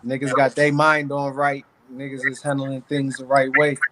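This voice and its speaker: Male co-host, mid pitch, easygoing slang, noticeable background noise and clicks. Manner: quick agreeing interjections, relaxed slang. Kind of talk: casual live-stream chat.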